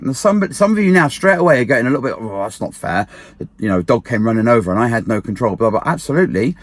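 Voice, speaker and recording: A man's voice: fairly high pitch, slight background noise. Emphatic man giving dog advice. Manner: emphatic, acts out quoted people. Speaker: dog trainer and martial arts instructor. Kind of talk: casual advice monologue.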